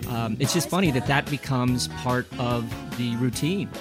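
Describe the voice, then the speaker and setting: A man's voice: mid-range voice, a little slow, music in the background. A man who is a former pro cyclist and a guest on a casual interview, telling easygoing anecdotes and acting out the lines he quotes.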